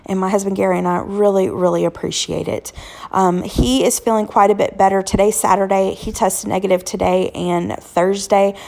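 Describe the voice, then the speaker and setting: A woman in her thirties or forties, a cooking channel host, hoarse from illness, chatting casually with lots of ums as she walks through weeknight dinners. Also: mid-range voice, steady tone, normal speed, darkish tone. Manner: chatty, homey, frequent "um" fillers. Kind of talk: casual cooking vlog narration.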